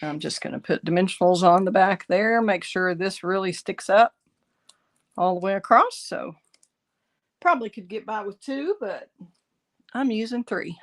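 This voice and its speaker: A middle-aged woman, raspy from bronchitis, chatting through a card-making tutorial as she works. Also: medium pitch, lively intonation, moderate pace, long pauses. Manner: chatty, thinking aloud while working. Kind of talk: casual craft tutorial.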